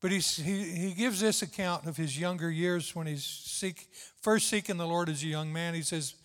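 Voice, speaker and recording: A man's voice: on the high side, normal speed, hardly any pauses, fairly bright tone. An older man preaching a sermon with fervent, tender, repetitive emphasis. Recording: long hall reverb.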